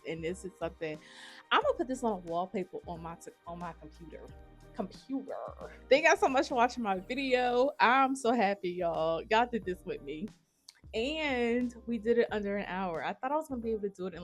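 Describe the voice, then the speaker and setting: A woman vlogging about her writing, chatting casually and excitedly to her viewers and often calling them y'all. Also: lowish voice. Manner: gushing, excitable, says y'all a lot. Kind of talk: casual chat to camera.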